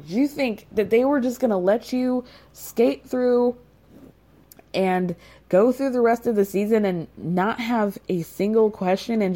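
A woman recapping a reality show in casual commentary, blunt and sarcastic, swearing freely and rising to incredulous highs. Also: warm tone.

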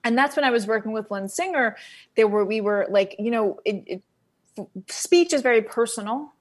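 A woman's voice: fairly high pitch, lively intonation, moderate pace. A woman from Queens, an actress, chatting casually as an interview guest, talking loosely with many likes and restarts. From Queens, New York.

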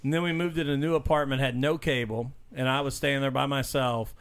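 Male podcast guest, mid-range voice, relaxed chat, pokes fun at himself. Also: mid-range voice, brisk, clean tone. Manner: self-mocking storyteller.

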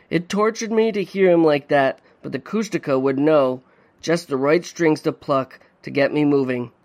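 Man reading a suspenseful tale. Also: a little high. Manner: measured, suspenseful narration. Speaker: podcast host. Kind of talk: dramatic story reading.

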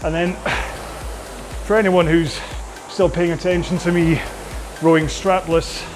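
A man's voice: a little high, little pitch movement, a little slow, over music. Rambling rowing coach, man. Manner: chatty, rambling, self-mocking. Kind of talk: workout coaching while rowing.

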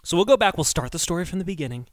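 Brief: high, bright male co-host, wry and analytical, dry close mic. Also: animated, racing, no room sound. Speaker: podcast co-host. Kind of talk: casual chat.

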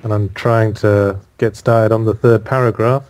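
A man's voice: fairly low pitch, steady tone, measured pace, a little mellow. A man with an English accent, a podcast guest chatting casually, with dry, wry humor. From England. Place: home in Australia, remote call.

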